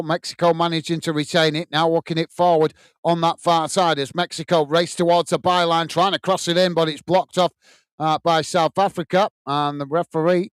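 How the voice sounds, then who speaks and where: A British man from the United Kingdom hosts a live football watch-along, commentating on the match while reading out and greeting viewers' chat messages in a friendly way. His voice is on the high side and smooth, recorded with no echo.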